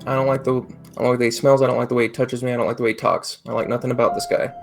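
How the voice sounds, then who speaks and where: A man's voice: medium pitch, little pitch movement, racing, vocal fry, over music. A man playing in a tabletop game, talking out his character's actions in an intense way. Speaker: player. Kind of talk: tabletop role-play, in character.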